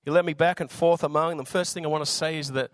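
A slightly raspy man with an Australian accent preaches a sermon, his voice sitting a little high for a man. He keeps it informal and jokey, with plenty of ums and uhs. The sound is close and dry, with no room echo. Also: fairly even intonation, fast. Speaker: visiting preacher.

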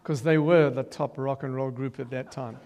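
An older man giving a testimony sermon as an animated storyteller who acts out quotes and breaks into loud emphasis. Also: mid-range voice, normal speed, a faint crowd. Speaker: preacher giving his testimony. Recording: long reverb of a large hall.

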